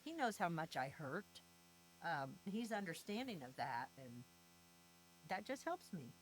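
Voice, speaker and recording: A woman's voice: fairly low pitch, sing-song, unhurried, slight background noise, poor audio. An older retired woman speaking earnestly and from the heart in an interview, leaning on her faith and family. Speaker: grieving mother and guest.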